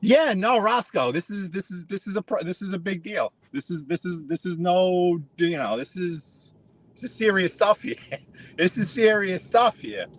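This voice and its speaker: A man's voice: sits high, fairly bright tone. A man, ranting sarcastically on a live stream while driving his car. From New York. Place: inside a car.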